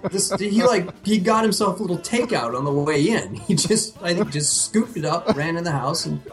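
A man co-hosting a casual podcast, his pitch swinging widely as he tells a story. He talks in an animated, profane way and often laughs at his own tale. Faint music sits under the voice. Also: moderate pace. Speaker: podcast co-host.

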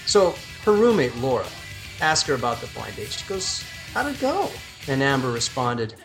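Animated male podcast co-host. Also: medium pitch, moderate pace, music in the background. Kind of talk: casual chat and joke telling.

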